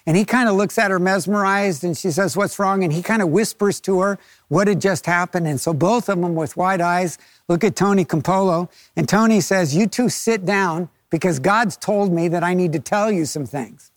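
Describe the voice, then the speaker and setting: Male pastor, high voice, animated storyteller, dry sound. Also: normal speed, dry recording. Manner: storytelling, acts out quoted voices. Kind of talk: sermon.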